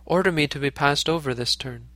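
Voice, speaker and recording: A man's voice: a little high, brisk, sharp tone, dry recording. A man voicing a pregnant female doe in a storybook reading, humble and pleading.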